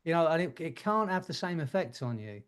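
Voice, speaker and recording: A man's voice: fairly high pitch, big pitch swings, fairly quick, clean tone. A man hosting a group coaching call, giving casual advice with jokes and frequent laughs. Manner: warm joking advice, laughs often.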